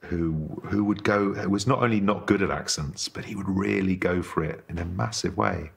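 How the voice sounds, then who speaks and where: A man's voice: low voice, moderate pace, vocal fry, husky. A man telling a wry, amused anecdote in casual talk.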